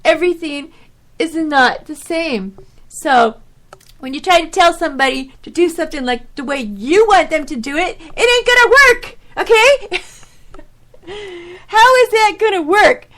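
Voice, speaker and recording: A woman's voice: very high voice, measured pace. A middle-aged woman hosting a podcast, talking in a rambling, emotional monologue that turns preachy as she rants, with frequent laughs. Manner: animated, preachy ranting. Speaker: podcast host. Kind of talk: casual monologue.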